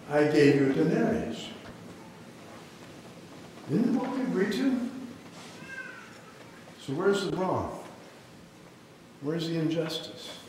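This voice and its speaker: A man voicing a calm landowner patiently reasoning with a complaining worker. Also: a little high, a little hiss or hum. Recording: echoey hall, mic far off.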